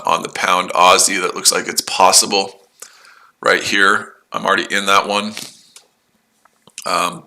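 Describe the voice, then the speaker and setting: A man's voice: low voice, gravelly, sharp tone. A man hosting a casual trading livestream, talking to his chat in a mocking, repetitive way. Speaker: trading streamer.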